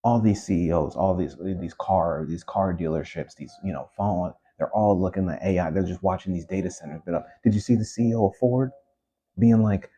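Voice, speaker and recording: A low-voiced man with a husky, mellow tone rants to his audience in a loose, animated way. He circles back on his points, repeating phrases and leaning on conversational fillers. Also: brisk. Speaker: commentary host. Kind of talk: casual opinion rant.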